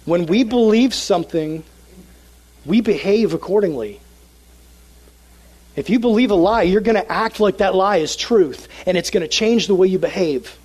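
A young man preaching to a youth group, telling a story with lively, animated energy. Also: high voice, moderate pace, slightly rough, low-quality recording. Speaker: youth pastor. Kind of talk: sermon with a personal story.

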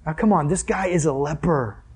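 A man's voice: on the high side, normal speed, darkish tone, breathy edge. A young man preaching a sermon in an earnest, conversational way, asking the listeners questions.

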